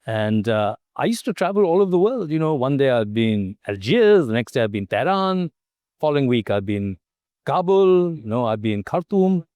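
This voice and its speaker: An older man, a Hindi speaker and former foreign correspondent, telling a personal story in a lively, anecdotal way full of "you know". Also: medium pitch, brisk, clean tone, no echo, highs cut off. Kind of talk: storytelling reminiscence.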